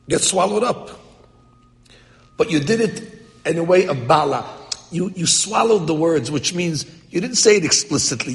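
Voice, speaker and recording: A man teaching a text-study lecture to a class, animated and translating phrases line by line. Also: high-pitched, creaky. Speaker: Torah teacher. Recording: echoey hall.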